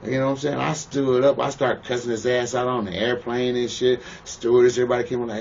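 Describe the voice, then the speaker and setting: A man's voice: mid-range voice, flat delivery, fast talker, vocal fry, a little mellow. A man in a shoot interview, talking bluntly and profanely and often checking "you know what I'm saying.". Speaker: pro wrestler interviewee. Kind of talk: shoot interview, casual storytelling. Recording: muffled, distant mic with faint hiss.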